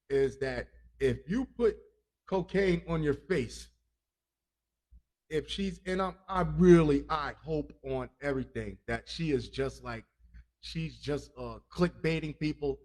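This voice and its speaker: A man hosting a comic crime news podcast, rambling and joking with frequent laughs and cursing. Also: on the high side. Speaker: podcast host.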